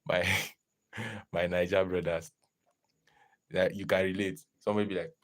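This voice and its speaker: A young man chatting casually on a live stream, lively and greeting viewers in the chat as he talks. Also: low voice, moderate pace. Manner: animated, greets chat viewers, slips into pidgin.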